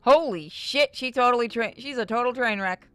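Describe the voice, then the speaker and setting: A woman's voice: on the high side, normal speed, a bit bright, clear, resonant tone, no echo, faint music behind. Profane joking woman streamer. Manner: joking, profane, reads game dialogue aloud. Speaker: game streamer. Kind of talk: live gameplay commentary.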